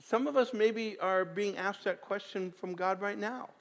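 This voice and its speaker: A man preaching a sermon as a pastor, animated, with frequent restarts and repeated words. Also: high-pitched, a little slow, creaky, in a large hall.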